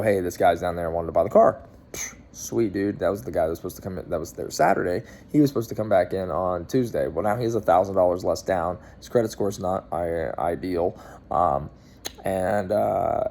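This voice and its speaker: A man's voice: sits low, creaky, warm tone, a little hiss or hum. A man in his thirties, a car dealer, telling a long story in a casual, rambling way with lots of fillers and restarts.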